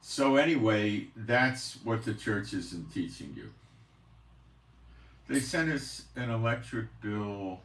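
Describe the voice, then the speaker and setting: This channel host is an Israeli man who comments on prophecy, complaining and sighing through a meandering, exasperated monologue at home in the Galilee. He speaks low, expressively and slowly, pausing often, with a slightly bright tone. He is far from the mic, and the room echoes.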